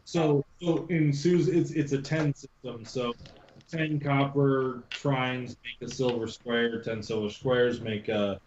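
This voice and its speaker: A man's voice: medium pitch, fairly even intonation, noisy background. Guy running a tabletop game, stops and restarts a lot, echoey room, kinda muffled. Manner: halting, with frequent restarts. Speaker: game master.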